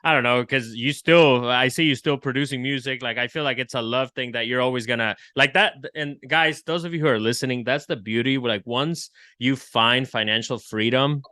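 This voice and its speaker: Man, casual podcast host, crisp tone, talks loose with "bro" and "like", dry room. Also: medium pitch, normal speed, few pauses, pushed and bright, dry recording. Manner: loose, slangy, many restarts and "like", "bro". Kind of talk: casual interview chat.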